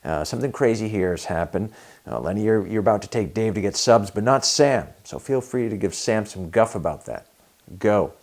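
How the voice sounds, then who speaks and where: A man playing an audition director who briskly gives instructions to actors. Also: lowish voice, lively intonation, a little mellow. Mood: directing.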